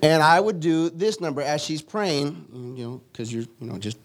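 A man preaching a sermon, moving from solemn teaching to lively storytelling. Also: fairly high pitch, moderate pace. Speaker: pastor.

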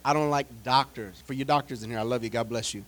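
A pastor preaching a sermon, telling stories with dramatic swings from loud declarations to hushed asides and humorous, direct remarks to his congregation. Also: mid-range voice, quick pace, a little hiss or hum.

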